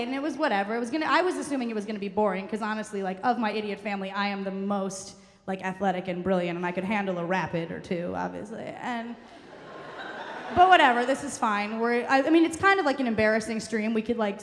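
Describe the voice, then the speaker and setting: A woman telling a comic personal story on stage, fast, wry and profane, recorded in a live venue hall. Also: mid-range voice. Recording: echoey hall, faint room noise.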